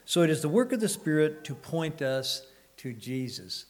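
A man preaching a sermon, halting often to clear his throat and using fillers, and reading scripture aloud in a raised, measured voice. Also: fairly high pitch, very animated, darkish tone.

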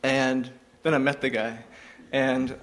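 A young man thinks aloud through a casual devotional reflection. His voice sits in a middle register. He pauses often, filling gaps with ums and restarting his sentences. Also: mid-range voice, little pitch movement, a bit bright. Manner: hesitant, frequent ums and restarts. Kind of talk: informal devotional talk.

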